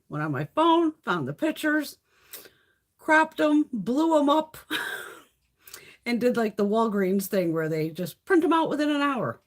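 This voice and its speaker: A woman's voice: a little high, sing-song, normal speed. A woman hosting a beauty livestream, telling stories in blunt, profane casual chat with snarky asides.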